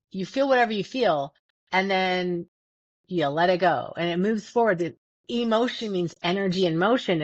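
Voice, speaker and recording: A woman's voice: fairly low pitch, no echo. A woman hosting a podcast, talking casually and earnestly about feelings, stressing her points and often repeating words. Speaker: podcast host. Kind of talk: casual self-help talk. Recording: dull, dry lo-fi sound.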